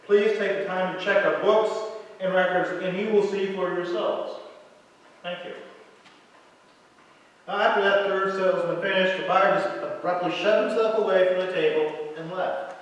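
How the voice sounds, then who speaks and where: A man's voice: sits high, steady tone, normal speed, a bit bright. A man preaching a sermon as a pastor, telling a story dramatically and acting out the characters' lines. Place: church sanctuary. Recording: echoey church hall, mic far off.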